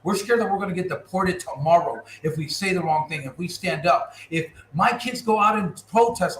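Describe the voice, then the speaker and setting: A Californian man in a candidate interview talks bluntly and with conviction. His voice sits fairly high. The room around him is echoey, with faint noise behind. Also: moderate pace, hardly any pauses, a bit bright. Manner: blunt, impassioned, emphatic. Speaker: political candidate.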